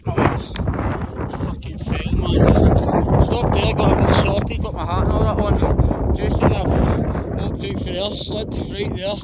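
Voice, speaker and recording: Scottish guy with a high voice, chatting excitedly to camera on a windswept mountain hike. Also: moderate pace, heavy background noise. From Scotland. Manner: excitable, sweary, talks to the camera. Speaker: hiking vlogger. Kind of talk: casual vlog narration while hiking. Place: outdoors on a snowy mountain.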